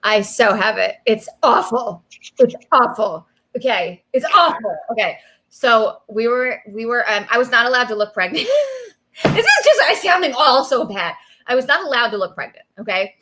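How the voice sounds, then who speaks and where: A woman in her thirties tells stories on a video call, her voice sitting on the higher side. She talks fast and animated, full of fillers and bursts of laughter. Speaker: guest. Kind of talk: casual chat.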